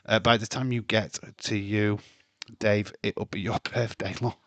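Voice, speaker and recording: Male streamer, slightly low pitch, dry sound; casual, sweary, ranting host. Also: steady tone, measured pace, a bit bright, no echo. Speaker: wrestling livestream host. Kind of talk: casual livestream chat.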